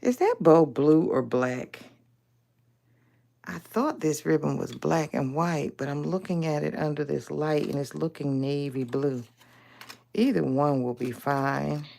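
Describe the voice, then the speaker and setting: A woman's voice: sits low, a little slow, creaky, dark tone. A woman, hosting a casual live stream, telling folksy stories and acting out other people's lines while she crafts. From Aliquippa, Pennsylvania. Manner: chatty storyteller who acts out other people's lines; folksy, calls listeners honey.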